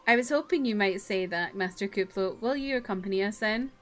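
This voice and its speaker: A woman's voice: mid-range voice, a little fast, lightly acted. A woman voicing an earnest young male scholar who speaks in formal, old-fashioned phrases.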